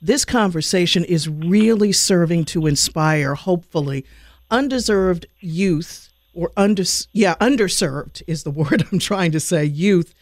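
A man's voice: a little high, normal speed, hardly any pauses, no room sound. A man hosting a panel discussion, affirming and encouraging, and losing his voice. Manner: affirming, encouraging, frequent agreement. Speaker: program host.

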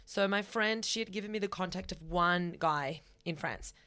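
A young woman with an Australian accent talks into the mic as a podcast host. Her voice sits a little low, and her delivery is chatty and candid. She swears freely as she gives advice and tells stories. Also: normal speed, sharp tone. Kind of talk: casual advice and storytelling.

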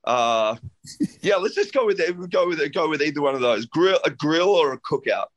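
A man with an Australian accent, a guest musician chatting casually in an interview, playful and quick to laugh. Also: fairly high pitch. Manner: laughs often, animated and playful.

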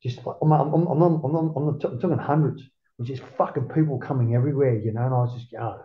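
An Australian man, a former surfer being interviewed, telling stories casually, swearing a lot and jumping up in pitch to act out what people said. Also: fast, reverberant, narrow, tinny audio. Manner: animated, swears constantly, acts out quotes in a raised voice. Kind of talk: casual storytelling.

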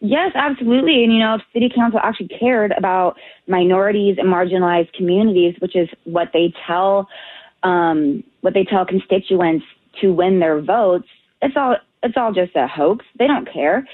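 A woman's voice: mid-range voice, moderate pace, no echo. A woman correspondent speaking on a radio show over the phone, emphatic and indignant. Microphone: phone line. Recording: tinny phone line.

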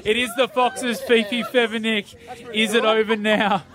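A male radio presenter with a high voice, delivering station promos in an upbeat announcer style. The delivery is brisk and polished, made for live broadcast. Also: level tone, crowd noise.

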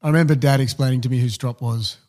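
A man's voice: mid-range voice, steady tone, fast talker, a little mellow. A man co-hosting a podcast, chiming in with laid-back casual chat. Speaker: podcast co-host.

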